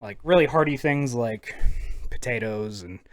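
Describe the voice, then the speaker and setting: A man's voice: medium pitch, a little slow. Male game master, mid voice, casual and jokey, swears freely. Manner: casual, swearing, laughing often. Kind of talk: narrating a tabletop game.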